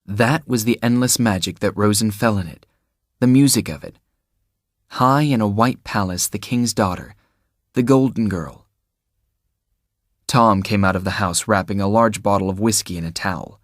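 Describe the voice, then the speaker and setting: Close-miked and free of echo, this clip features a man with a fairly low voice narrating an audiobook. His scripted delivery is steady and measured, in a classic storytelling style.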